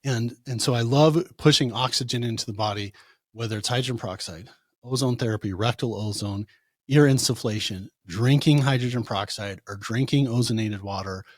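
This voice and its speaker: A man, a chiropractor, answering interview questions in a conversational way, telling animated stories and acting out what his patients said. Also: mid-range voice, fairly quick, dry recording, clean studio sound. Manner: animated storytelling, acts out quoted patients. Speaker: chiropractor guest.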